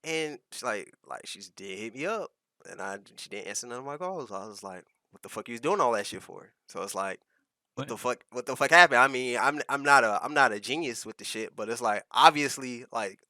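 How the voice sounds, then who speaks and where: A man's voice: mid-range voice, lively intonation, brisk, pushed and bright, dry recording, studio quality. A young man telling a rambling, profane story on a casual podcast, full of restarts and fillers. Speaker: podcast co-host.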